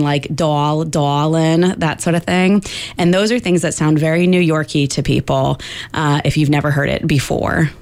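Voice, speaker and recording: A woman's voice: deep voice, clear, resonant tone, no echo. A woman linguist, a young adult, explaining in a radio interview with frequent fillers. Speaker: linguist guest.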